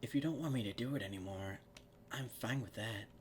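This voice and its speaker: A man's voice: mid-range voice, a little fast, a little hiss or hum, lightly acted. A man reading the lines of a brash tomboyish female pegasus pony in a blunt, matter-of-fact way, close to his own voice. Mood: casual.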